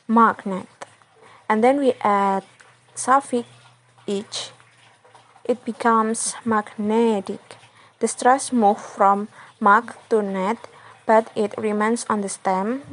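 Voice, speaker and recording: A young woman giving a student presentation, reading examples carefully in halting phrases. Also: fairly high pitch, rough recording. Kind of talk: classroom presentation.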